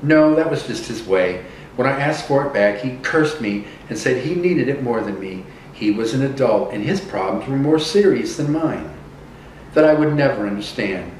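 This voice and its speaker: A man's voice: mid-range voice, lively intonation, normal speed, darkish tone, a little hiss or hum, close to an everyday voice. Guy reading as a sad puppet boy telling old memories, kinda hesitant, far off and roomy. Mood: sorrowful. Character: young boy puppet, wounded and remorseful. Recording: echoey room from a distance.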